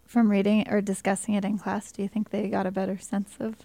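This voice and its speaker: Female interviewer, relaxed and curious, with a fry-edged voice. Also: mid-range voice, fast, no room sound. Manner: curious, asks open questions. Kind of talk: casual interview.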